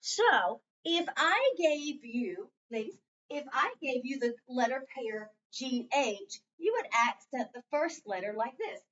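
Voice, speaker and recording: A woman's voice: a little high, animated, unhurried, few pauses, fairly bright tone, muffled recording. Woman teacher leading a reading lesson. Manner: clear, patient teacher's prompting. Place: classroom. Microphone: camera set up in the room.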